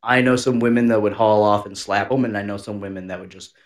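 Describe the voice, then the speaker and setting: A man's voice: lowish voice, steady tone, quick pace. A man co-hosting a podcast, joking and swearing casually and acting out the people he quotes. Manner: joking, swears freely, acts out quoted voices. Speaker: podcast co-host. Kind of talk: casual banter.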